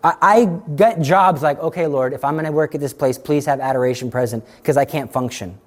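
A middle-aged man giving a sermon, telling a story with lively acted-out dialogue. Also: on the high side, brisk. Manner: animated storytelling, acts out dialogue. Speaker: Catholic speaker.

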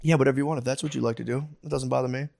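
A man in his own loose, rambling chat, swearing freely and jumping into animated voices when he quotes anyone. His voice sits at an ordinary middle pitch for a man. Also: rapid-fire, vocal fry. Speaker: comedian and podcast co-host. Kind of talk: casual comedic chat.

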